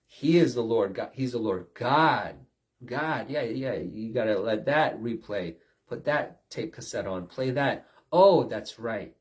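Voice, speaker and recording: A man's voice: mid-range voice, lively intonation, a little slow. A man giving a conversational sermon, often asking "right?" and acting out short quoted voices. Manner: conversational preaching with acted-out quotes and repeated "right?". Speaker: preacher.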